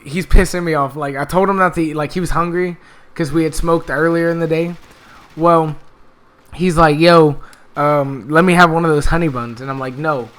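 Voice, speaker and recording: A man's voice: a little high, a bit bright. A young man telling a rambling, profane story in casual speech, filling it with "like" and "well.".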